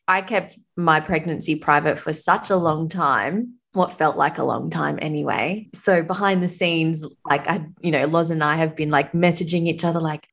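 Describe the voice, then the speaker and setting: A woman co-hosting a casual chat, talking in a friendly, chatty way that often breaks into laughter mid-sentence. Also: deep voice.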